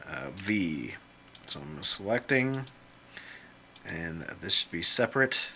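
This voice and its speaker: An illustrator draws characters on a computer while casually narrating, rambling and joking to himself with some mild swearing. His low voice is sing-song, pushed, and bright, moving slowly with frequent pauses over slight background noise.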